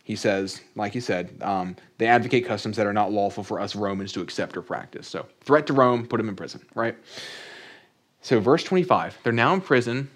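A man's voice: lowish voice, brisk. A man preaching a sermon in a conversational way, reading scripture aloud and adding joking asides. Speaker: pastor.

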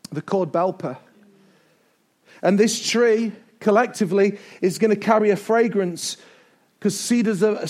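A man preaching a sermon to his church, energetic and building to shouts, with joking asides. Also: sits high. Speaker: pastor. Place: church service before a congregation.

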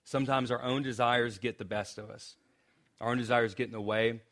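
Young male preacher, chatty sermon delivery, trips over restarts, wry asides, mid-pitched voice. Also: fairly even intonation, brisk, a bit bright. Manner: conversational, self-interrupting with restarts and asides; joking asides. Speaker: pastor.

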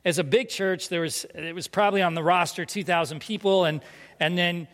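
A man preaching a sermon through a lively personal story, self-mocking and laughing often. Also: high voice, fairly quick. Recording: long reverb of a large hall.

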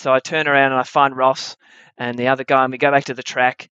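A young man spins a true adventure yarn for a live audience, wry and animated, landing his jokes with easy timing. His voice sits at a middle pitch. The recording is a little muffled and dry, with no room echo. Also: fairly quick, clean tone. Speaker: storyteller. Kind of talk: live story-slam storytelling.

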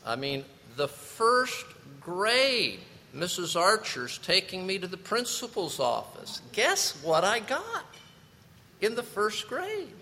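A man preaching a sermon, telling a story with lively, animated delivery. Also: high-pitched, takes it slowly, slight background noise. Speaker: pastor. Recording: long reverb of a large hall.

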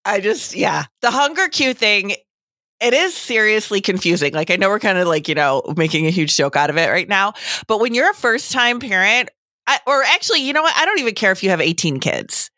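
A woman co-hosting a casual podcast, chatty and animated, with lots of fillers. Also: mid-range voice, brisk, dry recording, studio quality. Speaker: podcast co-host.

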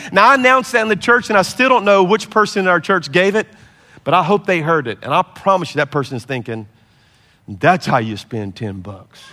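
A middle-aged man, a pastor, preaching a sermon with lively storytelling and laughter, easing into a soft, slow prayer. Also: high voice. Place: large church hall.

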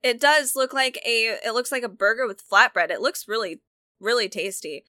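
The recording has no echo as a woman co-host enthuses about cookbooks in a relaxed chat, frequently breaking off to rephrase. She talks at a normal speed, her voice a little high, bright, and forceful.

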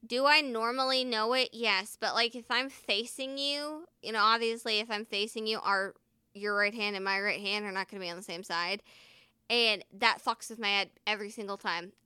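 A woman's voice: medium pitch, normal speed, pushed and bright, clear, resonant tone, no echo, clean studio sound. A woman who works as a first responder, telling a rambling, candid story and swearing freely. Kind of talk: casual storytelling vlog.

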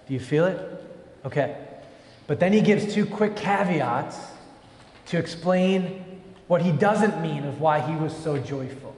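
A man preaching a lively sermon, joking and acting out little voices as he teaches from a verse. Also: a little high, measured pace, pauses often. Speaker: pastor. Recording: echoey hall, long reverb.

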